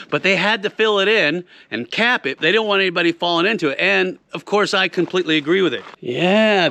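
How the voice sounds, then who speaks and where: A man's voice: sits high, vocal fry, bright, forceful tone. A man hosting an outdoor geology lesson, pointing out rocks at an old mine site in a casual, instructive way. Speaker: host explaining geology. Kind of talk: outdoor teaching walkthrough.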